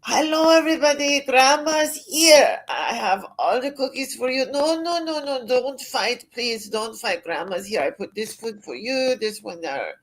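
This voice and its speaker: A woman's voice: a little high, expressive, a little slow, few pauses. Woman doing a doting grandma with a mock German accent. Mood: cooing. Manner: cooing, fussing, sing-song. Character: doting grandma calling her outdoor cats.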